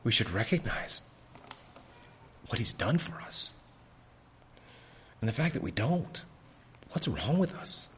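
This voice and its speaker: A man preaching a sermon in an earnest, halting way, hiccuping often, with a raw throat. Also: mid-range voice, very animated, fairly bright tone, a little hiss or hum.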